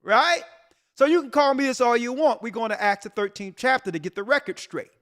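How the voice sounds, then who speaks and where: A man, a church elder and show host, commenting on a news article with an animated preaching delivery, rhetorical questions and repeated emphasis. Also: very high voice, a little fast.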